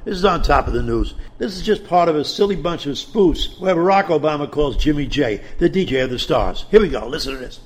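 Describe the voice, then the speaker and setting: A man hosting a talk radio show, reading news and ads with jokey banter and loud outbursts. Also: a little high, expressive, brisk, hardly any pauses. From South Texas.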